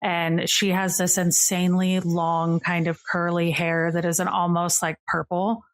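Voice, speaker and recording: A woman's voice: on the low side, little pitch movement, measured pace. A woman narrating a tabletop game as game master, describing scenes casually with lots of "like" fillers.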